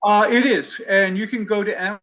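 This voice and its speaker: A man hosts an online study class, his voice bright and a little higher than most men's. He sounds eager and effusive, and he slows down to spell things out. The video-call audio is muffled. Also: fairly even intonation. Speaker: class leader.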